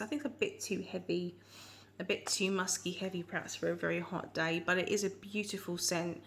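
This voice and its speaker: A woman's voice: lowish voice, gravelly, fairly bright tone, a little hiss or hum. A woman with a Surrey accent chatting casually through a perfume review, rambling with frequent ums and restarts. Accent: Surrey English. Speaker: fragrance reviewer.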